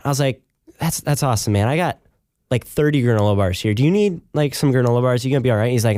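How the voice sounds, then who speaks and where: A man's voice: mid-range voice, lively intonation, fast talker, darkish tone. A young man, a podcast guest, telling a joking story in casual chat. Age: young adult.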